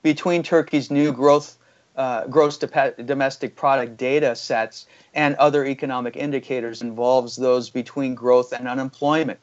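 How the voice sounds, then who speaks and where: Speaking at normal speed with fairly even intonation, a mid-range male voice comes through lo-fi audio. As an interview guest, he makes critical, argumentative economic points, using filler words often.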